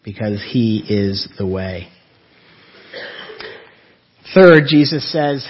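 A man's voice: lowish voice, lively intonation, very slow, pauses often, husky, muffled recording. A man preaching a sermon to his congregation, earnest and asking them questions as he goes. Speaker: pastor. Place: church sanctuary.

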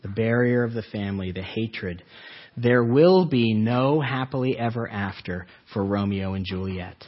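A man preaching a sermon as a pastor, earnest, asking the listeners rhetorical questions and slowing down for emphasis. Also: lowish voice, lo-fi sound.

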